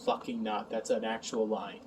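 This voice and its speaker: A man's voice: lowish voice, flat delivery, normal speed, recorded from a distance, noisy background. A man recapping an episode in a casual review, sarcastic and exasperated, sighing and mocking the lines he quotes.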